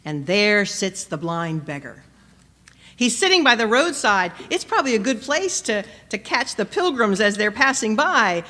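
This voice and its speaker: A woman preacher delivering a sermon, measured and questioning, rising to emphatic peaks and dropping soft. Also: medium pitch. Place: church. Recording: long church reverb.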